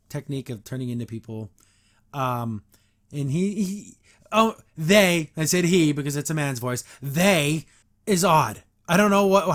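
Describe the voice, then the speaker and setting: Guy hosting a show review podcast, kinda high voice, sarcastic and fed up. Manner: blunt, sarcastic, exasperated. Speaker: podcast host. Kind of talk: casual episode review commentary.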